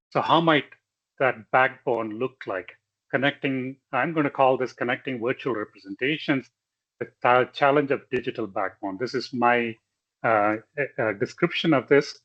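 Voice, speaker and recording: A male lecturer giving a technical slide presentation in a measured way, pausing often with fillers and correcting himself. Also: medium pitch, fairly bright tone. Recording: slightly dull lo-fi audio.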